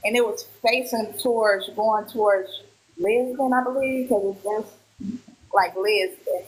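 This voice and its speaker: A woman's voice: mid-range voice, a little slow, poor audio. Woman in her thirties recounting a story. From Milwaukee, Wisconsin. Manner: recounts events with acted-out quoted dialogue. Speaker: witness guest. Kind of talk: casual live-stream storytelling.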